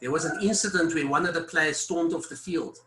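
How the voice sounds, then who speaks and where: A man's voice: a little high, brisk, reverberant, background noise. A man moderating an online panel on a video call, prompting the guests and recalling old match details for them.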